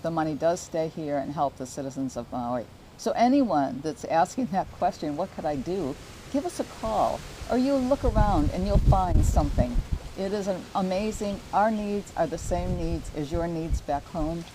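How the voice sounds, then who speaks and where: A woman's voice: lowish voice, lively intonation, normal speed, background noise. An older woman hosting a local real estate show, chatting earnestly about community charities. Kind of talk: casual promotional chat.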